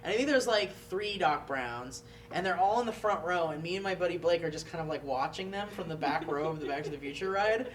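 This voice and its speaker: Male co-host, joking storyteller with a lively, varied pitch. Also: fairly quick, hardly any pauses, distant mic, slight background noise. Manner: expressive, joking. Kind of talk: casual chat, storytelling.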